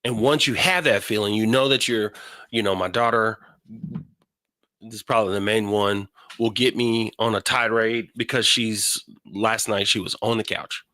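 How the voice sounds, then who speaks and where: A middle-aged man hosting a casual spiritual talk, telling stories with animated acted-out quarrels in a high voice. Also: moderate pace, no echo, studio quality. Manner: animated storytelling, acts out family quarrels in a high voice. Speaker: host.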